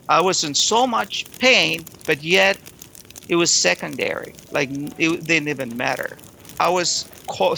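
A man telling his personal faith testimony, emotional and halting, often restarting his words. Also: on the high side, creaky, pushed and bright, slight background noise.

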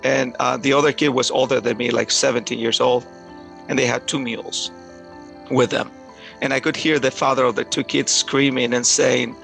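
A man telling a personal story aloud in a halting way, often repeating words and restarting. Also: mid-range voice, fairly even intonation, gravelly, fairly bright tone, soft background music, low-quality recording.

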